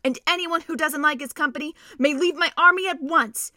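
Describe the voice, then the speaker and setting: A woman's voice: high voice, a little fast, pushed and bright, dry recording, clean studio sound, voice pushed up. A woman voicing a young male king who speaks in a firm, commanding way.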